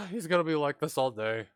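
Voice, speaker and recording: A man's voice: a little high, big pitch swings, normal speed, dry recording, clean studio sound. A man streaming a game, reading its lines aloud with wry, self-mocking asides.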